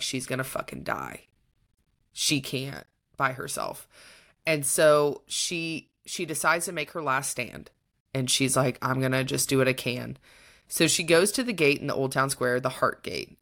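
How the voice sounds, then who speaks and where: A woman's voice: rumbling low, a bit bright. A young adult woman co-hosting a casual book-review podcast, retelling the plot with animation and acting out the characters' lines. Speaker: podcast co-host.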